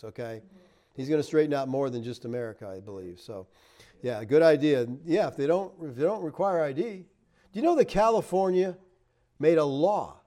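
A middle-aged man, a pastor, reading viewer comments aloud in casual chat, laughing often and swinging from emphatic bursts to low asides. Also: dark tone. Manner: chatty, laughs often, rises emphatic then drops low.

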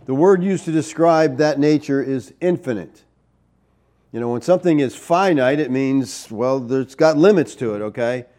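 A man preaching a sermon in an animated way, with rhetorical asides to the congregation. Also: mid-range voice, moderate pace. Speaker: pastor.

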